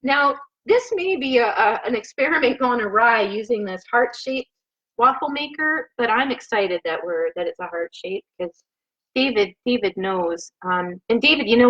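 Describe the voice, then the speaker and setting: Woman host, chatty and rambling, laughs a lot, slightly high voice, lo-fi laptop mic sound. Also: lively intonation, normal speed, a bit bright. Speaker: home cooking show host. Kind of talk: casual live cooking chat. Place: home kitchen.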